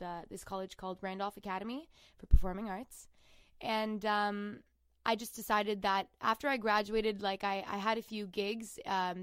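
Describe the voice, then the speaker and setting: Chatty young woman, clear dry voice. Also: mid-range voice, no room sound. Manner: chatty, rambling with many fillers. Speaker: singer-songwriter guest. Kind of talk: casual interview chat.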